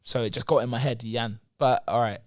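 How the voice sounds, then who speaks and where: A man's voice: mid-range voice, fairly even intonation, no room sound, studio quality. Laughing, pleading young man guest. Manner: laughing, pleading, quick bursts. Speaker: podcast guest. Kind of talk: casual chat.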